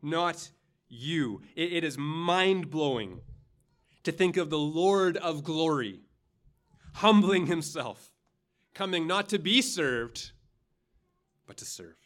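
Earnest male pastor preaching, fairly high voice. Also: expressive, fairly bright tone. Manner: earnest, dramatic, with pauses and rising emphasis; frequent "right?" asides to the congregation. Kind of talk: sermon.

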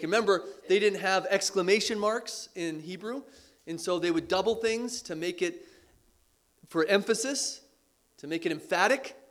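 A man preaching a sermon with earnest emphasis, repeating key phrases and letting his voice drop low at the ends of lines, with the odd light laugh. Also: fairly bright tone. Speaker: pastor.

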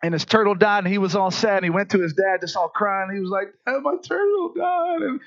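High-voiced pastor preaching. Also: male voice, quick pace, muffled recording. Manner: animated storytelling, acts out voices. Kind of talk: sermon.

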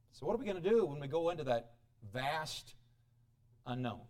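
A man preaching a sermon as pastor, animated, swinging between loud exclamations and quiet asides. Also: fairly high pitch, moderate pace. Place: church.

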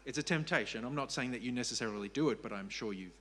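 A man's voice: medium pitch, quick pace, a bit bright, slight background noise. A man preaching a sermon as pastor, earnest and repeating key phrases for emphasis.

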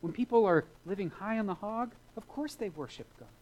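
A man's voice: high voice, expressive, fairly quick, darkish tone, rough recording. Emphatic middle-aged male pastor preaching. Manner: emphatic, repeats key lines for weight. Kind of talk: sermon. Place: church sanctuary.

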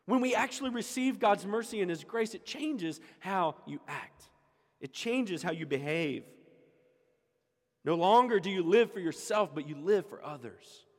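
A man preaching a sermon as pastor, emphatic and repeating his key lines for the congregation. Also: high-pitched. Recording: echoey hall with long reverb.

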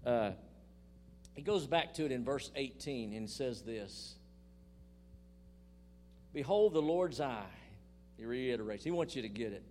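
A man's voice: medium pitch, moderate pace, darkish tone, soft background music. An older man preaching a sermon, reading scripture with emphasis and making folksy asides to his congregation. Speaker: pastor.

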